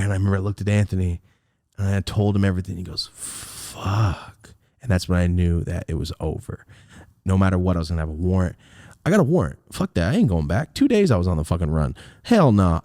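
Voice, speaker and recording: A young man on a podcast, telling a personal story in a casual, animated and profane way, laughing often. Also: low-pitched, no echo, studio quality. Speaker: podcast host. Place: podcast studio.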